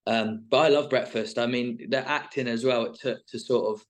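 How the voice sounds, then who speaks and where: A reality show contestant appears as a guest in a casual interview chat, rambling loosely and stuffing his thoughts with fillers like "like" and "sort of." His ordinary middle-pitched voice keeps a steady tone at a moderate pace, and he never sounds scripted.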